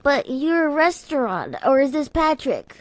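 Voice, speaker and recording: A woman's voice: high voice, very animated, moderate pace. A woman voicing a pushy seven-year-old kid who prank-calls to order food, rambling in a childish, innocent-sounding way. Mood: cheeky. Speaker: prank caller. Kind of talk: prank phone call.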